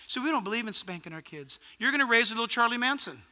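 A man's voice: very high voice, expressive, fast talker, hardly any pauses, pushed and bright, long reverb tail. A male pastor preaching a sermon, emphatic and punchy, firing off rhetorical questions.

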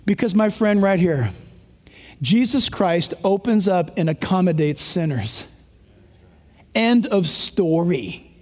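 High-voiced man preaching in an echoing hall. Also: big pitch swings, unhurried, a little mellow. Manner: emphatic, conversational preaching with rhetorical questions. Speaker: pastor. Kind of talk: sermon.

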